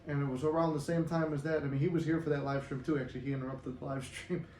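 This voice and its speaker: A man's voice: a little high, level tone, very fast, a little mellow. A man vlogging in his apartment, rambling loosely and swearing as he encourages his viewers. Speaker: manifestation vlogger. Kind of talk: casual motivational talk to camera. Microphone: no good microphone, voice muffled. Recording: echoey room with faint noise and muffled sound.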